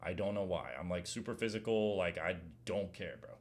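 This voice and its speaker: A young man streamer answering viewer questions in a casual, slang-heavy way, getting loud and heated as he rants. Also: low voice, a little fast. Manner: animated slang-heavy rant, gets loud when heated. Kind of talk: casual Q&A chat.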